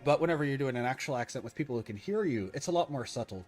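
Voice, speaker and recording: A man's voice: medium pitch, expressive, very fast, a little mellow, faint music behind. A man streaming a game live, chatting casually with viewers, rambling and correcting himself as he goes. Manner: rambling, self-correcting, opinionated. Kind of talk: casual livestream chat.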